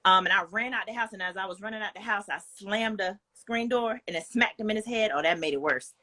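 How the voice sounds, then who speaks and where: A woman's voice: mid-range voice, fast, pushed and bright. A young woman, speaking as a guest in a candid, personal storytelling style, earnest and frank, with plenty of "like" and "you know".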